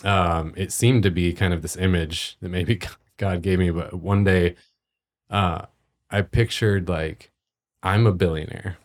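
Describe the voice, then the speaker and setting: A man's voice: low-pitched, fairly even intonation, measured pace. A man in his thirties, a podcast co-host, telling a personal story in a casual faith discussion, laughing often.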